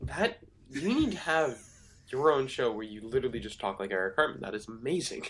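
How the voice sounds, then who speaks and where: A man's voice: medium pitch, lively intonation, a little fast, fairly bright tone, slight background noise. A man hosting a talk show, giving an earnest, rambling monologue that often corrects itself mid-sentence. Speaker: radio show host.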